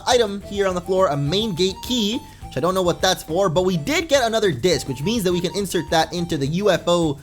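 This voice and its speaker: Chatty young man with a lively high voice. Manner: chatty, rambling, reads game text aloud. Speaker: let's play gamer. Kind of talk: casual gameplay commentary. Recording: faint game music behind.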